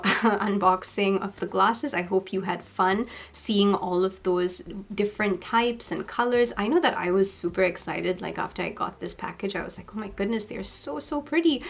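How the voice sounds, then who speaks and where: Chatty woman with a gravelly edge. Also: medium pitch. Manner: chatty, gushing, many fillers. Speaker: beauty vlogger. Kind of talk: casual product review.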